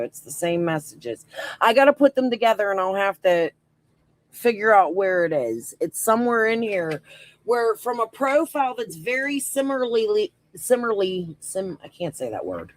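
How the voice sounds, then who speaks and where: A woman in a casual conversation, talking in an animated, indignant way and swearing freely. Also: medium pitch, poor audio. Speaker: guest in conversation.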